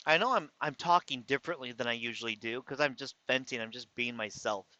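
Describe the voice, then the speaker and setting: A man vents through a rambling personal story, his speech carrying a slight lisp and softly slurred words as he corrects himself along the way. His voice sounds bright and forceful. The recording is dry and a little dull, like lo-fi audio. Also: mid-range voice, fast talker, no echo. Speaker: vlogger. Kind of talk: casual venting story.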